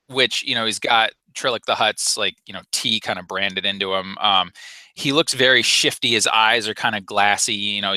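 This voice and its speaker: A man's voice: fairly low pitch, sharp tone, no echo, poor audio. A man narrating a tabletop game as game master, casual and full of fillers.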